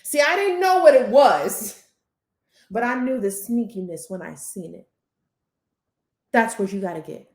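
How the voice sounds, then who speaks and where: A woman life coach leading a group coaching masterclass in a lively, conversational way, acting out inner voices. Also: a little high, measured pace, long pauses, roomy sound.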